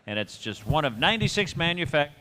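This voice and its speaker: A male announcer reads a lot description in a formal, informative way. His voice sits slightly high, with a lively, animated rise and fall. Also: fast talker, slight background noise.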